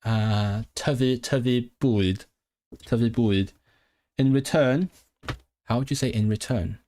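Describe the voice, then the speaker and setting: A man's voice: mid-range voice, slow pace, dark tone, a little hiss or hum. A man on a casual livestream, thinking aloud as he studies and sounds out and repeats new words. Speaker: language-learning streamer. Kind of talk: casual livestream study session.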